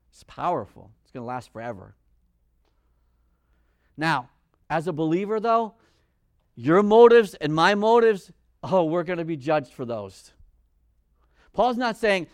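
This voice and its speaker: A male preacher giving a sermon, animated, acting out Bible figures in quick voices. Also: a little high, no room sound, studio quality.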